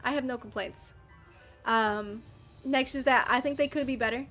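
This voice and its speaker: A woman streaming and chatting casually with her viewers, playful and animated, answering chat with mock outrage and quick laughs. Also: a little high, faint music behind.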